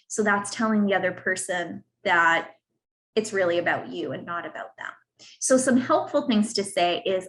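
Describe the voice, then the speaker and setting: A woman's voice: fairly low pitch, moderate pace, a bit bright, poor audio. A woman presenting a webinar as a cancer coach, explaining in an earnest, patient way and giving example phrases, on a computer mic over a video call. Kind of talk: online presentation.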